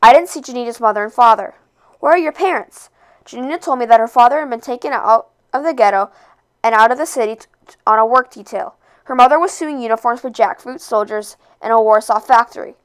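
Smooth-voiced woman reading a novel aloud. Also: fairly high pitch, fast. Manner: expressive, with occasional slips and rereads. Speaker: read-aloud narrator.

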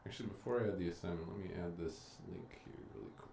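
Low-voiced guy teacher rambling on a live stream, echoey room, bit of hiss. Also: fast, vocal fry, dark tone. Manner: chatty, thinking aloud while clicking around. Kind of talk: casual live-streamed lecture. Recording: echoey room with faint noise.

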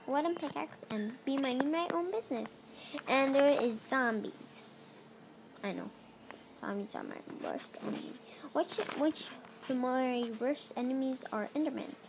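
In this casual gameplay commentary, a young girl rambles to viewers and to herself as she builds with blocks, her phrasing non-native. She has a somewhat high, gravelly woman's voice, with background noise audible.

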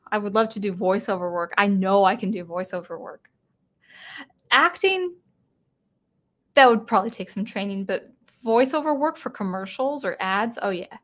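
With a medium-pitched, slightly bright voice, this live-stream host keeps things chatty and casual. Her talk wanders, full of restarts and self-corrections, as she reads out comments from viewers.

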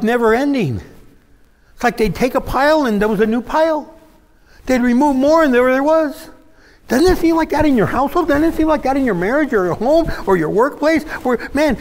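A male pastor, preaching a sermon in an animated style that swings between loud and hushed. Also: extremely high pitch.

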